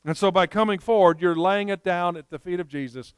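A pastor with a fairly high, smooth voice preaches a sermon, telling stories earnestly and slowing down so key points land. The recording is close and dry, with no room echo.

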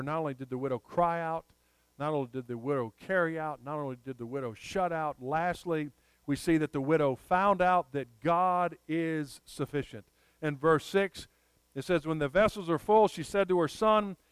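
A man preaching a sermon, telling a Bible story in a lively way and acting out the characters. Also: fairly high pitch, smooth, dry recording, rough recording. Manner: animated storyteller acting out scenes. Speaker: pastor.

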